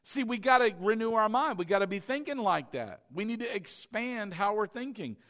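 Loud, passionate male preacher. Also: sits high, lively intonation, moderate pace. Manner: loud, passionate, calls for congregation responses. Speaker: pastor. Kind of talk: sermon.

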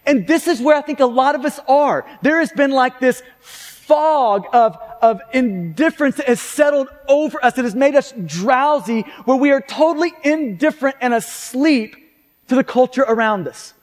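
Speaking at a moderate pace, this male pastor has an unusually high voice and a conversational preaching style. He frequently uses tag questions to check in with his audience and restarts his sentences often, while the long reverb of a big church hall swallows his trailing words.

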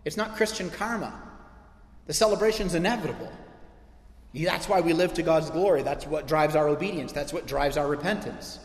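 A man's voice: fairly high pitch, normal speed, echoey room, in a large hall. A man preaching a sermon as pastor, emphatic and repetitive, building in intensity.

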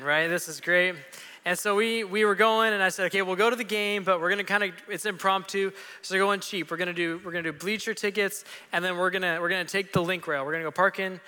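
A man's voice: high voice, pushed and bright, clean tone. A man preaching a sermon as pastor, telling stories animatedly with quoted voices. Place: church sanctuary. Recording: long reverb of a church hall.

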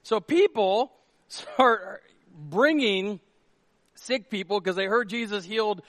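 A middle-aged male pastor delivers a sermon in an animated, joking storyteller's manner. His voice sits fairly high for a man. The sound is dry and close, with little room around it. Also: slow, no echo. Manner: animated, jokey storytelling with acted asides.

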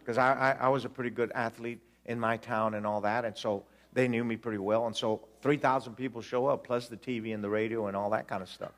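A man in his sixties delivers a sermon built around a story, animatedly acting out the dialogue and joking with the congregation. His voice sits at a medium pitch, and he moves quickly with few pauses.

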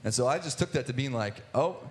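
A man's voice: mid-range voice, expressive, fast. A young man in his twenties telling his personal testimony in church, earnest, with many restarts and filler words. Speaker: guest speaker sharing testimony.

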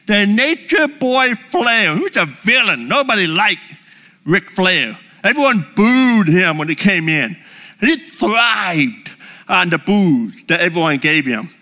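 Middle-aged male speaker, high and sharp-toned, animated storyteller to a live audience. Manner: lively, enthusiastic, holds up props.

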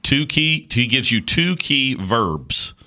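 A man's voice: medium pitch, sing-song, slow, bright, forceful tone. A male podcast host preaching on a Bible passage in an emphatic, repetitive, colloquial way.

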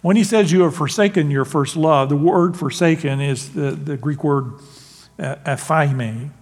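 A man preaching a sermon as pastor, animated and laughing, acting out quotes. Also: on the high side, a little slow, slightly rough, big-room sound.

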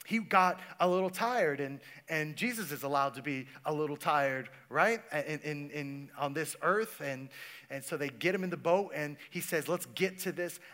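This man is a pastor giving a sermon, casually sharing stories and addressing the congregation. He speaks at a normal speed, his voice pitched on the high side with a sharp edge.

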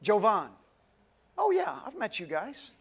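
A man's voice: sits high, huge pitch swings, a little slow, vocal fry, fairly bright tone, husky. A man preaching a sermon to a live congregation, repeating his questions, leading call-and-response and calling on listeners by name. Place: dim church hall, live congregation.

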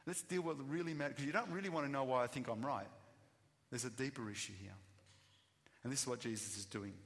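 A man giving a sermon, emphatic, swinging between loud bursts and quiet asides. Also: mid-range voice, a little fast. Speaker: preacher. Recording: long reverb of a hall.

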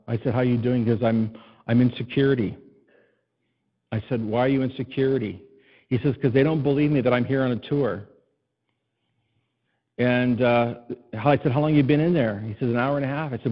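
A husky, somewhat breathy middle-aged man delivering a sermon. He tells personal stories with self-deprecating laughs and moves from loud emphasis to hushed, tender lines. The recording sounds dull and a little lo-fi. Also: medium pitch. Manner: warm storytelling with self-deprecating laughs, swings from loud to soft. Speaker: pastor.

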